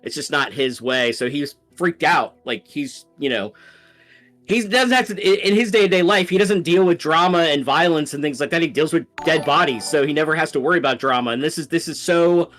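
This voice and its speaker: A man playing a tabletop game, explaining his character in a halting way. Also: on the high side, animated, fairly bright tone, soft background music. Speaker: player. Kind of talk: tabletop role-play.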